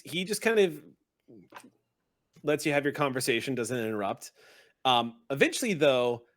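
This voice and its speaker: A man's voice: mid-range voice, dry recording. Man narrating as game master, dry sound.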